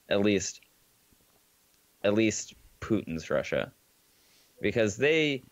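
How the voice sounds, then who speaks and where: A man co-hosting a podcast with dry, deadpan, sarcastic remarks in a casual chat. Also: low voice, no room sound, dull audio. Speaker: podcast co-host.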